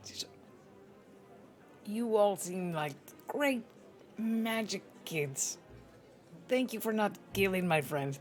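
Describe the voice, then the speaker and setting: A woman's voice: mid-range voice, lively intonation, slow, pauses often. A woman player speaking in character in a tabletop game, awkward and dryly comic.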